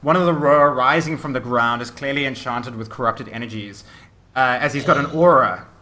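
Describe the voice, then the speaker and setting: A man's voice: medium pitch, moderate pace, pushed and bright. A man narrating as game master of a tabletop game, giving vivid scene descriptions and often restarting his phrases.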